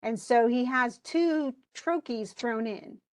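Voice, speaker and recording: A woman's voice: on the high side, slow. A woman teaching a live online class, chatty, explaining with asides and voicing what students might think, on a computer mic.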